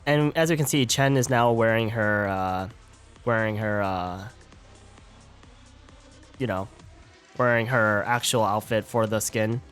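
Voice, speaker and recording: A man's voice: on the low side, unhurried, pauses often, a bit bright, clear, resonant tone, faint music behind. A man streaming a game live, chatting casually, stumbling over words and joking with his chat.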